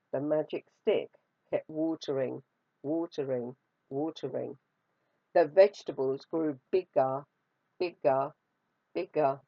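Slow, lowish woman storyteller; storybook read-aloud, dry and slightly dull sound. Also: no echo. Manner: expressive, drawing out words for effect.

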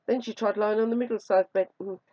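A storyteller reading a fairy tale aloud in an expressive, drawn-out way, on a dry, dull recording. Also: mid-range voice, no echo.

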